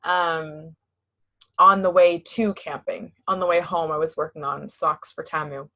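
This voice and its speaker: A woman's voice: deep voice, steady tone, a little slow, pushed and bright. A woman co-hosting a podcast, chatting casually and hesitantly with many restarts. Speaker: podcast co-host. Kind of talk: casual chat about knitting.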